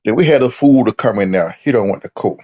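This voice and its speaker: A man telling a prison story in a casual chat, animated and profane, laughing as he talks. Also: lowish voice, fast. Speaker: podcast co-host telling a story. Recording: dull lo-fi recording.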